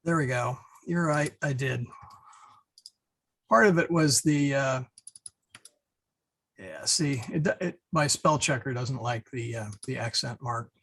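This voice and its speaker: A man teaching an online Latin class over a video call, relaxed with many fillers and restarts. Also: medium pitch, takes it slowly, long pauses.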